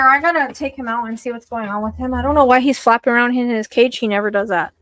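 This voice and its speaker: A woman's voice: on the high side, fairly even intonation, quick pace, fairly bright tone, no room sound. A young woman hosting a late-night psychic live stream from home, rambling with lots of fillers and sounding a little anxious.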